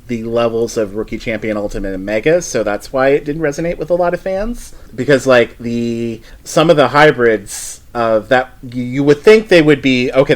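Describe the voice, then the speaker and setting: Rambling man in his thirties, podcast guest. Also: medium pitch. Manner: rambling, with frequent restarts and hedging asides. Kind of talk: casual chat.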